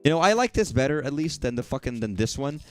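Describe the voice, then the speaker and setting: A young man streams a video game, rambling through profane, jokey asides at a mid-range pitch. Faint game music plays quietly behind him. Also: very animated, fast. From southern US. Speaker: gaming streamer. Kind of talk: casual let's-play commentary.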